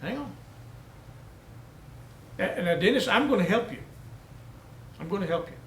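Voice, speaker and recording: Preacher doing god, calm and coaxing, kinda high voice, echoey hall. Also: male voice, unhurried, a little hiss or hum. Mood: calm assuring. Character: calm voice of God, patient and amused.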